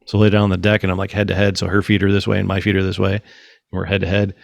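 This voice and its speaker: A man with a low, gravelly voice, hosting a casual podcast chat. He tells stories with energy and acts out the other people's lines. The sound is close and dry. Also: racing, no echo. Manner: animated storyteller, acts out quotes, swears casually. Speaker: podcast host.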